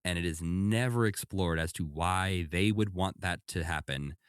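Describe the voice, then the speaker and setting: A man with a very low voice chats casually as a podcast co-host. He talks in an animated way, laughs often, and slips into quoted lines. The sound is dry and close, with no room echo. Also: moderate pace, clean tone. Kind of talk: casual chat.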